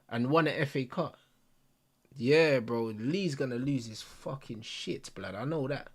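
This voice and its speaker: A young man hosting a football watch-along, ranting in casual slang and swearing freely. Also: fairly high pitch. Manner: heated, slang-heavy, swearing, addresses viewers and mates.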